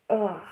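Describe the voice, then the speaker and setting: A woman hosting a livestream, chatting casually and emotionally, rambling and trailing off. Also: dark tone. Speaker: livestream host.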